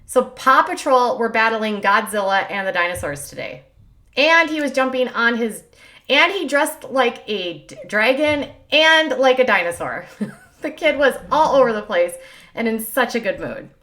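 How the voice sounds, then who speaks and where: A woman's voice: fairly high pitch, lively intonation, sharp tone. Chatty woman streaming. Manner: chatty, fast, heavy use of filler words. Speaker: host. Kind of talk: casual livestream commentary.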